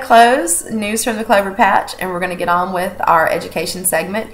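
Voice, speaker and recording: A woman's voice: mid-range voice, moderate pace, hardly any pauses. A woman hosting a casual video update for an animal sanctuary, talking in an earnest, chatty way with many fillers and restarts. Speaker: animal sanctuary director and host.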